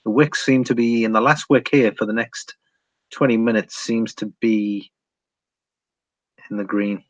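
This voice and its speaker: A man's voice: lowish voice, steady tone, measured pace, muffled recording. Rambling man hosting a livestream. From England. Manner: rambling, many ums, chuckles often. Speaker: precious metals livestream host. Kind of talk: casual livestream chat reading viewer comments.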